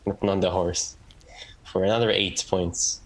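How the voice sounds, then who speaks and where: A man playing a tabletop game, describing moves haltingly with fillers. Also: low-pitched, steady tone, rough recording. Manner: halting, thinks aloud with fillers. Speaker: player. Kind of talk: casual tabletop play.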